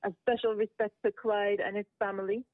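A woman from a community association calling in to a radio show, giving upbeat announcements and shout-outs. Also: medium pitch, little pitch movement, brisk, no room sound. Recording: tinny phone line.

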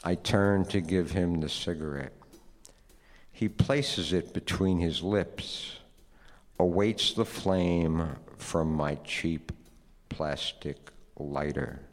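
Deep-voiced male narrator, measured and wry, long reverb. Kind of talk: literary story reading.

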